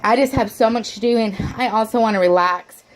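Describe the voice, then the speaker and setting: Soft music plays behind this woman's fairly high, brisk voice as she talks to her camera at home. A mother of four, she rambles homily, restarting often, using lots of fillers and an occasional "y'all."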